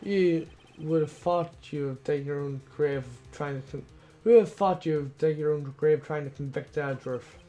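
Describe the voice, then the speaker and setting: A man voicing a confident young male defense attorney who argues steadily and methodically, his voice a little hoarse. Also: fairly high pitch, moderate pace, warm tone, natural voice.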